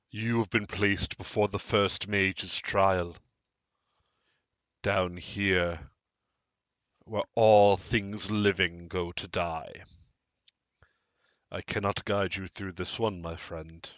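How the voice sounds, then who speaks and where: A man voicing a fishman guide who speaks slowly and quietly. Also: sits low, fairly even intonation, no room sound, pitched below the performer's own voice, full character voice. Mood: solemn.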